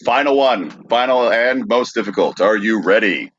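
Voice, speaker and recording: Brief: male podcast host as quizmaster, deadpan, muffled lo-fi sound. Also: fairly low pitch, normal speed. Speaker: podcast host running a quiz game. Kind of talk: casual podcast banter. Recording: dull lo-fi audio.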